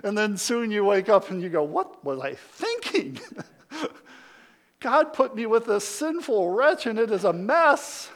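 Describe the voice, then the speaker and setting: A man preaching a sermon, swinging from hushed lines to loud calls for amens and acting out the voices of his listeners. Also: high voice, expressive, moderate pace, hardly any pauses. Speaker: pastor.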